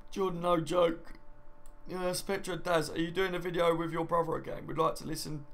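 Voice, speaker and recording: A man's voice: fairly high pitch, flat delivery, normal speed. A young man hosting a live stream, reading out viewer comments in a chatty, matey way. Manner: chatty and matey, often says "mate" and "do you know what I mean".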